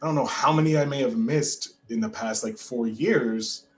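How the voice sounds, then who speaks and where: On a rough recording, a male podcast host chats through an interview in an animated, eager way, with frequent fillers and restarts. His pitch is medium and his speed normal.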